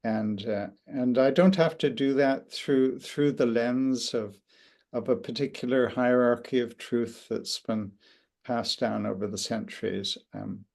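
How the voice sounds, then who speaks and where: An older man giving an interview, speaking reflectively and haltingly, with many restarts and pauses. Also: medium pitch, fairly even intonation, gravelly, darkish tone. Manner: thoughtful, halting with frequent restarts and fillers. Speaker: interview guest, author.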